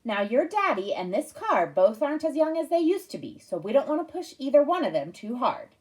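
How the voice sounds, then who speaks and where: A woman voicing a mother who reads out a trip plan in a brisk, orderly way for an audiobook. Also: high-pitched, sing-song, a little mellow, pitched above the performer's own voice. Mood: planning. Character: organized mother reading out her plans.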